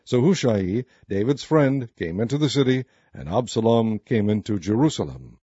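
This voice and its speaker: A man reads old scripture aloud in a steady, measured way. His voice is mellow and dark, recorded close and dry with a slightly dull, lo-fi sound. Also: lowish voice, breathy edge, dry recording. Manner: steady measured reading of archaic text. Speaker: narrator.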